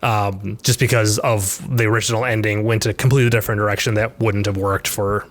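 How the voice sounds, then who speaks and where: A man's voice: on the low side, flat delivery, brisk. A man co-hosting a casual film podcast, talking in a rambling way with many restarts. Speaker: podcast co-host.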